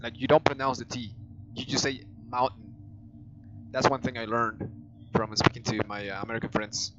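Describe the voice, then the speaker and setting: A man's voice: mid-range voice, fairly even intonation, brisk, fairly bright tone, dull audio, slight background noise. Chatty man with a heavy Spanish accent. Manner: chatty, thinking aloud with restarts. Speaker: gaming streamer. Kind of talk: casual gameplay chat. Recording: game music behind the voice. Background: game music.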